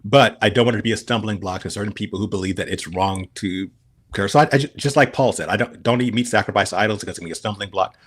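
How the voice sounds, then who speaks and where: A man's voice: fairly low pitch, fast, husky. A man speaking as a podcast guest in casual chat, rambling with frequent restarts.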